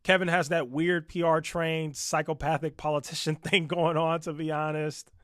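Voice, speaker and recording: Animated mocking man, dry close mic. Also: moderate pace, no echo. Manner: animated, mocking, swings between loud outbursts and low muttering. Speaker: commentary YouTuber. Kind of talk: reaction commentary.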